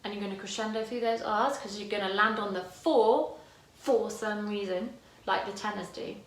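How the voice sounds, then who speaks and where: A woman's voice: mid-range voice, moderate pace, roomy sound. A woman choir director teaching parts by singing them, her voice tired today. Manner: demonstrates lines by singing, chatty and self-correcting. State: tired voice, using head voice.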